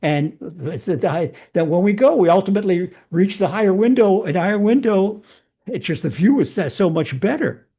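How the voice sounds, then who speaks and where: A man with a fairly high voice and a gravelly rasp that runs through his speech, with a mellow rather than bright tone. He preaches as a rabbi in an earnest spiritual sermon. He often repeats key phrases for emphasis. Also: expressive, normal speed.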